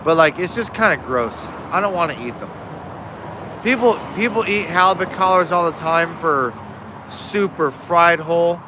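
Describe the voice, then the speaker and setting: A man's voice: on the high side, moderate pace, noisy background. A man hosting a casual fishing livestream from his yard, rambling through viewer questions with frequent restarts. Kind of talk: casual live Q&A chat.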